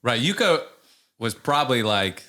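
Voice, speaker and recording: A man's voice: mid-range voice, very animated, normal speed, pushed and bright. A man hosting a podcast, chatting in a laid-back, joking way. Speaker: podcast host. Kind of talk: casual chat.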